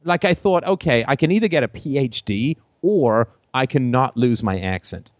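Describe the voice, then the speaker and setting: A British-accented man hosting a call-in show, holding forth off the cuff with a trained, flexible voice. His pitch swings widely as he talks, and he breaks into short laughs. The sound is dry and close. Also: moderate pace, no room sound. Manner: animated, laughs between phrases, theater-trained voice. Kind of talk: unscripted call-in show monologue.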